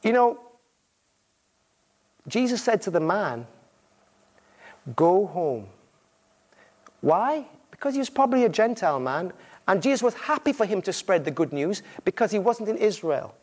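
Male visiting preacher with a high, lively delivery, storytelling and playing out the characters' lines. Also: unhurried, long pauses. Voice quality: married. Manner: animated storytelling, acting out voices in quotes. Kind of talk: sermon.

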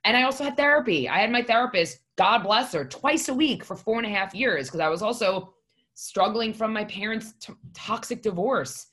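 A woman's voice: mid-range voice, lively intonation, normal speed, fairly bright tone, husky. A woman guest on a podcast, telling her story in a candid, rambling way and swearing for emphasis. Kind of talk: casual podcast conversation.

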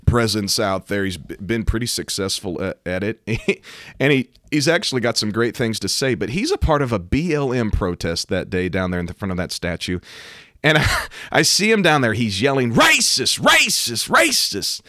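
An American man, a preacher, talking emphatically about faith and current events and rising to loud, animated outbursts. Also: lowish voice, normal speed, no room sound, studio quality. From United States. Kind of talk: preaching commentary to camera.

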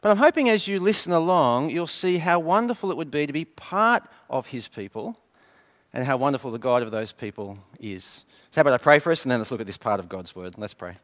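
A middle-aged man preaching a sermon as pastor, telling light stories with gentle humour and posing rhetorical questions he answers himself. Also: fairly high pitch, animated, brisk.

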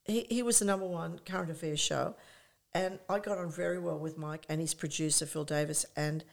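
An older woman, a guest in an interview who tells lively stories, acts out her own past thoughts and often says "you know". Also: deep voice, a little fast, vocal fry. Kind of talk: conversational anecdote.

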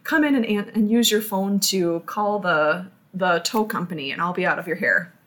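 A woman's voice: medium pitch, moderate pace, fairly bright tone, natural voice. A woman voicing a stranded stranger who asks for help in a hesitant, apologetic way.

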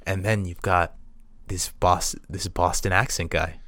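A young man chatting casually on a podcast, relaxed and conversational. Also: deep voice, unhurried, no echo. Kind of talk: casual chat.

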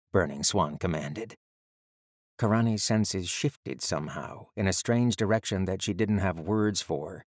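A man reading an audiobook in measured, even storytelling narration. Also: low voice, no room sound, clean studio sound.

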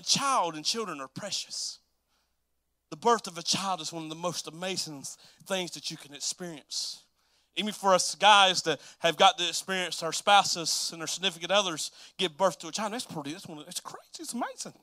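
A man preaching a sermon, chatty and laughing, acting out Bible figures in quick voices. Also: high voice, pushed and bright, dry recording, studio quality.

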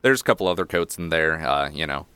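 A man narrating as game master in a relaxed, casual, descriptive way. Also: a bass voice, quick pace, smooth, no echo.

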